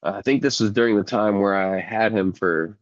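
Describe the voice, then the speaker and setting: A man's voice: fairly low pitch, normal speed, no echo, lo-fi sound. A man who is sick, co-hosting a podcast and telling profane, laid-back stories in casual chat. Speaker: podcast co-host.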